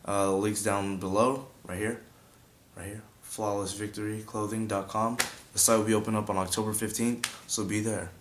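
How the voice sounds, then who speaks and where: A man's voice: on the low side, little pitch movement, moderate pace, slight background noise. A young man chatting casually as he teaches beatbox sound effects, breaking off to demonstrate mouth sounds. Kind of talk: casual video tutorial.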